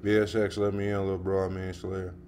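A man's voice: fairly quick, a little hiss or hum. A man streaming a game live, talking in slangy trash-talk to other players. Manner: slangy, trash-talking, bursts into high excited yelling. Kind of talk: live gameplay commentary.

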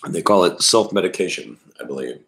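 A man's voice: low-pitched, lively intonation, brisk, gravelly, reverberant, background noise. A man giving casual, rambling commentary before reading a novel chapter aloud, full of fillers and restarts. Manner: rambling, many restarts and fillers, self-deprecating.

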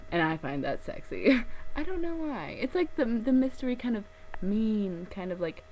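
A young woman chats to her camera in a gushing, rambling way, full of fillers and giggles. Her voice sits a little low, but it swoops up and down all the time. A faint hum runs behind her. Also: lively intonation, moderate pace, a little mellow, low-quality recording. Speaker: vlogger. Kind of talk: casual chat to camera.

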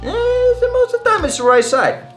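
A man's voice: very high voice, big pitch swings, normal speed, faint music behind, pitched above the performer's own voice. A man playing a crude, cocky young gym-bro interviewer who mocks his guest in bro slang. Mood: mocking.

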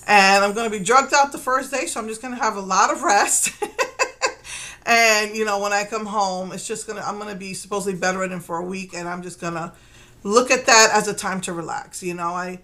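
A woman's voice: medium pitch, fairly even intonation, a little fast, sharp tone, poor audio. A middle-aged mother chatting in a casual vlog, retelling events with quoted dialogue and nervous laughter. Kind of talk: casual personal vlog storytelling.

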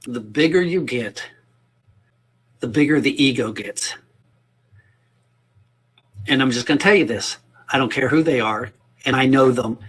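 A man with a husky, slightly rough voice leads a livestreamed workshop. He talks in an earnest, rambling way, restarting phrases and repeating words as he makes his point. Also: medium pitch, a little slow, long pauses, fairly bright tone. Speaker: music teacher leading a workshop. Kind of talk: casual spoken workshop talk. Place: indoors, livestream.

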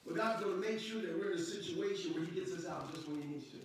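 A man's voice: sits high, quick pace, hardly any pauses, slight background noise. A man preaching a sermon as pastor, reading scripture aloud and building up into passionate, raised bursts. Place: church sanctuary. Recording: echoey church hall from far off.

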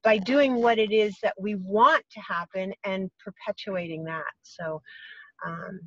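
A woman's voice: medium pitch, steady tone, a little slow, no room sound. A woman on a video call from her parked car at night, giving encouraging advice and laughing easily. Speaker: forum guest. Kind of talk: casual video call chat. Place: sitting in her car in a parking lot at night. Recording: dull lo-fi video call audio.

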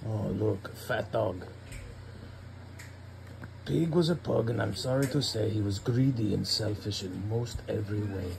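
A man's voice: on the low side, a little slow, gravelly, long pauses, background noise. A man voicing a grumpy, sarcastic male chimpanzee who grumbles and wisecracks through a bedtime story. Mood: wry. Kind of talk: comic voice-over for a pet video.

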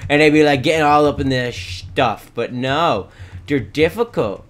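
A man hosting a let's play, chatting casually and excitedly coaxing and yelling at the animals in the game. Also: mid-range voice, normal speed, gravelly. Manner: excitable, yells and coaxes at game animals, rambling asides. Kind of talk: casual gameplay commentary.

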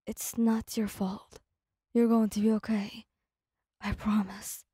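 In a whispered role-play, a gruff young hero, softened and hoarse, speaks in a breathy hush, as a woman reads him. The voice stays low and close, with a mellow, dry sound. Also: level tone, slow, no echo. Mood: comforting. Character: young man, gruff hero turned tender.

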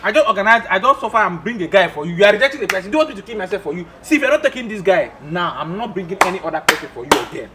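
Fast-talking man matchmaker. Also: high-pitched, lively intonation, sharp tone. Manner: pleading and exasperated, repeats himself. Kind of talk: comedy skit acting.

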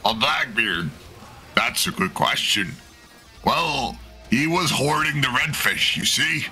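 A man voicing a calm, deep-voiced pirate crewman with slow, measured delivery. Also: soft background music, full character voice.

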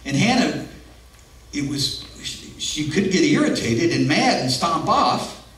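Earnest male pastor giving a conversational sermon with personal asides, fairly high voice, echoey church, heard from a distance. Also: sing-song, slow pace, fairly bright tone. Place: church sanctuary. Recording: echoey room, mic at a distance.

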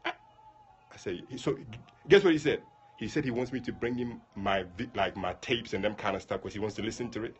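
A man's voice: on the low side, quick pace, highs cut off, faint music behind. A man leading a prayer livestream, chatting casually and addressing viewers by name.

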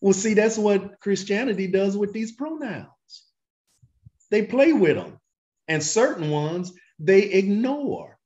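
A man teaching a Bible class, questioning his students and drawling key phrases slowly for emphasis. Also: high voice. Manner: animated, questions the class and waits for answers. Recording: dull lo-fi recording.

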